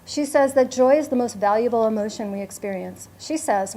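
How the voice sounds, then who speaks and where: A woman's voice: on the high side, a little fast, few pauses, mellow. A woman in her forties, a mother reading a prepared, heartfelt speech at her son's bar mitzvah.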